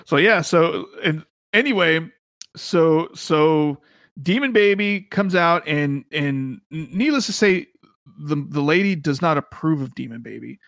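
A man with a gravelly voice in casual chat, rambling and halting through a retelling. His voice sits fairly high, and the sound is dry and close. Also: expressive, fairly bright tone, dry recording. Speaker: podcast co-host. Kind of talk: casual chat about a comic.

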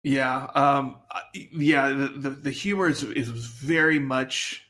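A man chatting as a podcast co-host with an average male pitch. He talks in a halting, stop-start way, filling gaps with ums and repeated words. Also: bright, forceful tone. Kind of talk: casual chat.

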